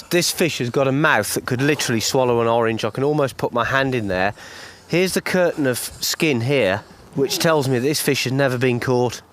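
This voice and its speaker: A man's voice: medium pitch, slight background noise. A man presenting a fishing show outdoors by the water, explaining things in an encouraging, matey way. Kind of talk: casual fishing commentary.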